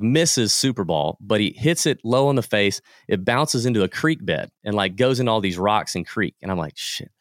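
A man, a guest on a podcast, telling lively anecdotes in a casual way and acting out the people he quotes. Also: on the low side, no room sound, clean studio sound. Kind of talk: casual storytelling.

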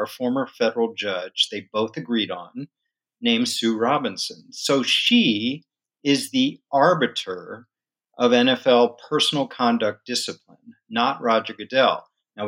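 A man guest with a legal background, giving an animated, emphatic explanation in a podcast interview. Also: medium pitch. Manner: animated, emphatic storytelling with occasional laughs. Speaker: guest legal and sports business analyst.

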